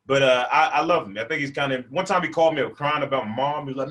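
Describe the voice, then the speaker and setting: A man in his twenties doing animated stand-up storytelling for a virtual event, laughing between lines and acting out the people in his story. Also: mid-range voice, rapid-fire. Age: 20s. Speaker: stand-up comedian. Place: a room, performing for a virtual event. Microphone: video call microphone.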